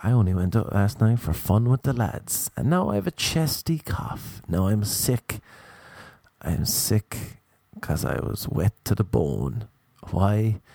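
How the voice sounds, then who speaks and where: A man's voice: lowish voice, very animated, slow pace, creaky, warm tone, no room sound. A young Irish man telling a rambling comic story, ranting with exasperation and swearing. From Ireland. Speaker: stand-up comedian.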